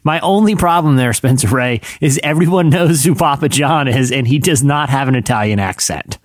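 A man's voice: mid-range voice, normal speed, no room sound. Rambling man on a podcast, dry sound. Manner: rambling, self-interrupting with many fillers. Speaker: podcast co-host. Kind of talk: casual chat.

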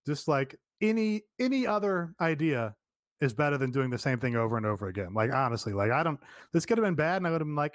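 A man's voice: on the high side, lively intonation, brisk, no room sound, clean studio sound. A man co-hosting a podcast in casual chat, rambling with lots of fillers and casual swearing. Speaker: podcast co-host.

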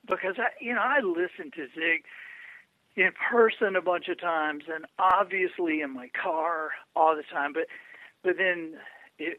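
A man tells stories as an interview guest, tripping into restarts as he goes. His voice sits high and comes through a tinny, phone-like line. The sound is dry and close. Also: no echo. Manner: animated anecdotes with stammering restarts. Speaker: guest, public speaker. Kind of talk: storytelling interview.

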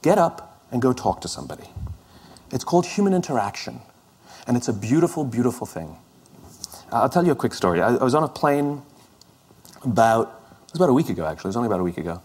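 A man's voice: mid-range voice, sing-song, fast, long pauses, darkish tone, husky. Man telling a funny travel story. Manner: conversational, self-deprecating, with frequent restarts. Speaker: speaker. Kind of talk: storytelling talk.

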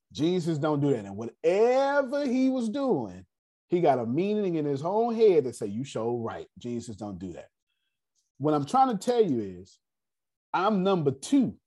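Man running a class with a dark, husky voice, digressive storyteller. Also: on the high side. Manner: animated, digressive, addresses the audience directly. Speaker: class leader. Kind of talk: casual teaching and storytelling.

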